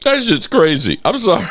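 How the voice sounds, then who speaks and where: A man's voice: sits high, a bit bright, a little hiss or hum. A man hosting a live sports reaction stream, laughing often and mockingly repeating clips.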